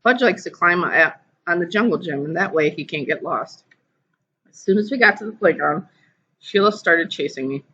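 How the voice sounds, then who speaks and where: Lively teacher reading a storybook aloud. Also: medium pitch, normal speed, slightly rough, lo-fi sound. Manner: lively storytelling, putting on voices for children. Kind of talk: reading a children's novel aloud to a class. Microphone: computer mic on a video call.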